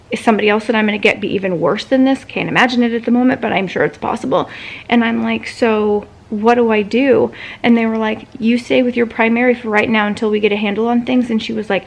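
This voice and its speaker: A woman's voice: fairly high pitch, vocal fry. A woman vlogger casually recounting a conversation, chatty and full of fillers like "um" and "like". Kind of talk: casual storytelling vlog.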